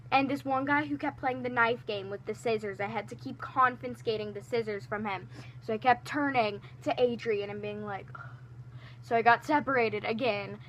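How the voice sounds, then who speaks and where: Teen girl storytime vlogger, kinda high voice, rambly and excited, lots of ums, slight background hiss. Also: normal speed. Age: teens. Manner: rambling and animated, with many fillers and restarts. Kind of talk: casual storytime chat.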